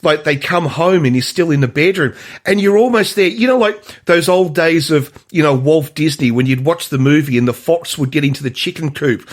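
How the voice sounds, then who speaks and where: A man co-hosting a movie podcast in casual conversation, often pausing and restarting his sentences. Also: fairly high pitch. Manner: halting, many restarts and fillers. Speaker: podcast co-host. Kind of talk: casual movie review chat.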